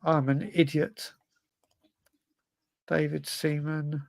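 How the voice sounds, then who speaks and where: A man's voice: fairly high pitch, level tone, slow pace, gravelly, no echo. A man from England co-hosting a football podcast, blurting quiz answers, muttering to himself and swearing freely. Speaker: podcast co-host. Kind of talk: casual chat while playing a football quiz.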